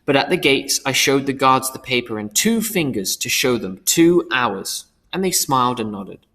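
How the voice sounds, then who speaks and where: An earnest man narrates an audiobook in the first person. His pitch is animated and expressive. A long hall reverb hangs after each phrase. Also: moderate pace. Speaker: audiobook reader.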